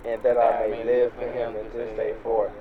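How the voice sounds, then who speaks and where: A man's voice: high-pitched, very animated, brisk, phone-quality sound, crowd noise. A young man playing a weary young man who is sick of street life, agitated and swearing in a skit. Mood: subdued. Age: young adult. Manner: agitated, swearing, then repeating a prayer. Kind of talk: dramatic skit. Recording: street recording with traffic noise.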